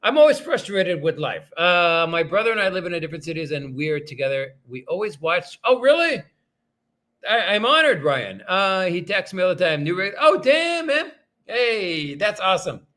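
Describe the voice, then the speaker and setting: A man with a high, bright voice hosts a relaxed livestream, thanking viewers one after another. His talk rambles with frequent restarts, and he pokes fun at himself along the way. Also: normal speed. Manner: rambling, self-deprecating, thanks viewers often. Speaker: livestream host reading viewer comments. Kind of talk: casual livestream chat.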